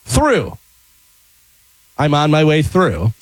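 A man's voice: a little high, extremely slow, slightly rough, no echo. A man hosting a casual radio show, running a spelling quiz with jokes and laughs. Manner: jokey, lively quizmaster, laughs often.

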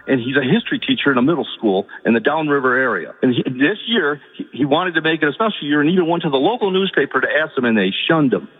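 A man calling in to a radio talk show, telling a story in a halting, emotional way. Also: a little high, husky. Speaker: caller. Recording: phone line with long reverb.

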